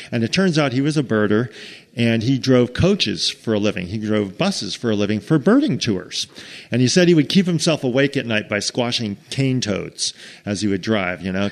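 A man's voice: fairly low pitch, vocal fry. American man telling a rambling travel tale. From United States. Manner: animated, rambling with restarts, acts out quotes. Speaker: storyteller. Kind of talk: casual spoken travel story.

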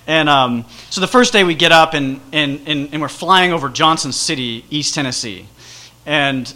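Male storyteller, slightly high, bright tone; rambling, self-mocking, lively delivery. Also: normal speed. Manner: rambling, self-deprecating, animated. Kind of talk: casual personal storytelling.

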